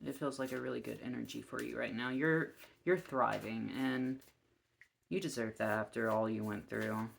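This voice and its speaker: A tarot reader giving a casual reading to camera, speaking slowly and gently with many ums, encouraging and easily moved to laughter. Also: medium pitch, fairly even intonation, vocal fry, a little hiss or hum. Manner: slow and gentle with frequent ums, warmly encouraging; gushing and easily emotional, often laughing.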